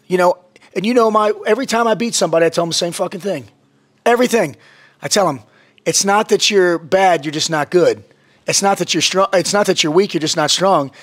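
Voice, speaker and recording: Intense, profane man telling stories. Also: high-pitched. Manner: intense, profane, animated storytelling. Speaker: podcast guest. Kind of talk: casual chat.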